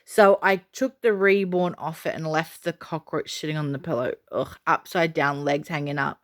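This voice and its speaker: A woman talks straight to camera in a casual vlog, her voice sitting a little low. She is chatty and excitable and fills her pauses with ums. The delivery is loose and conversational. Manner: chatty and excitable, many fillers. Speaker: doll collector vlogger.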